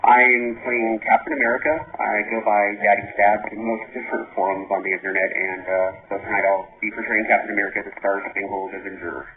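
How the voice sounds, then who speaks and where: A man introducing himself as a player in a tabletop game, in a relaxed, joking way. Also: fairly low pitch, a little fast, hardly any pauses. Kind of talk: casual chat. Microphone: voice chat. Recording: tinny voice-chat line, faint hiss.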